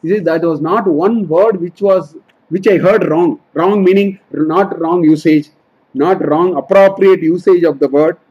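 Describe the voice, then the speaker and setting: A man's voice: sits high, measured pace, slightly rough, muffled recording. A man teaching a scripture study class, explaining verses line by line and often repeating and correcting himself. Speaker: Vedanta teacher.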